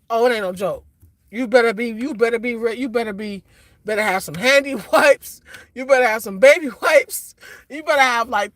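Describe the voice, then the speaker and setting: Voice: medium pitch, fairly bright tone, dry recording. A livestreamer ranting in a loose, slangy monologue, blunt and rambling with frequent restarts, laughing at their own jokes. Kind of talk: casual rant monologue.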